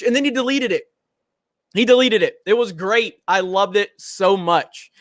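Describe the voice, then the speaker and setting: A man's voice: very high-pitched, unhurried, a bit bright, no room sound, studio quality. A man hosting a casual livestream chat, blunt and confrontational, with frequent swearing. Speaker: show host.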